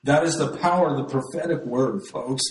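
A man's voice: medium pitch, brisk, reverberant, poor audio. A man teaching from the Bible in a conversational sermon style, talking to his listeners as folks. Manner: conversational, addresses listeners as folks, frequent restarts.

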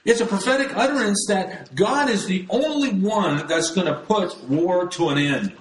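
A man with a high-sitting voice teaches from the Bible at a moderate pace, in a conversational sermon style. He calls his listeners "folks" and often restarts his sentences. The room is echoey and the audio quality is poor.

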